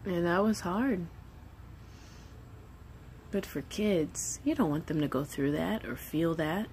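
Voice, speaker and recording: A woman's voice: on the low side, slow pace, darkish tone. Woman, 30s, mother vlogger: raw, heartfelt, foul-mouthed, light hiss. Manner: candid, emotional, swears freely, acts out quoted voices. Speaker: mother of three. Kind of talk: casual vlog monologue.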